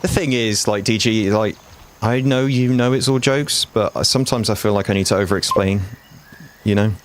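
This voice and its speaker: Forties male streamer, lowish voice, blunt, sweary, easygoing chat with viewers. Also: normal speed, slight background noise. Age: 40s. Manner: blunt, chatty, swears freely, talks to chat. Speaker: game streamer. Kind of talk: casual live-stream chat.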